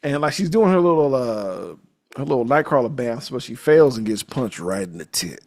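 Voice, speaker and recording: A man co-hosting a casual movie podcast, retelling scenes in a loose, profane, animated way and breaking into laughter. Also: mid-range voice, moderate pace. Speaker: podcast co-host.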